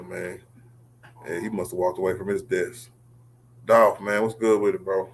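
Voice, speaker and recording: Low-pitched man, slangy stream host, faint noisy line. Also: flat delivery, moderate pace, pauses often. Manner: loose, calls on guests, slangy. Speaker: livestream host. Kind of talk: casual sports talk.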